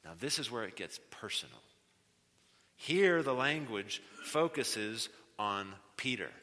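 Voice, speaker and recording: A man's voice: medium pitch, sing-song, slow, pushed and bright. A man preaching a sermon as a guest speaker, earnest and emphatic, repeating key phrases and shifting his pace. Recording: long reverb of a large hall.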